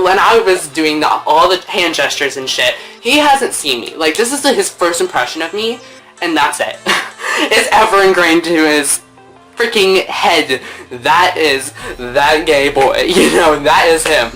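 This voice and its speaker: Animated swearing young man telling a story. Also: on the high side, measured pace, soft background music, rough recording. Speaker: vlogger. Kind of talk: casual storytime vlog.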